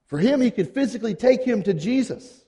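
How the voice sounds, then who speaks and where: A man preaching a sermon in a conversational, animated way, acting out quotes casually. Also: extremely high pitch, brisk. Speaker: pastor. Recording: long hall reverb.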